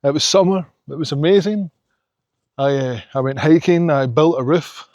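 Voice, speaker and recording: A man's voice: fairly high pitch, normal speed, a little mellow, no echo, muffled recording. A young Scottish man chatting as he hikes outdoors in the mountains, rambling and opinionated. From Scotland. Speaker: hiking vlogger. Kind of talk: casual vlog chat on a walk.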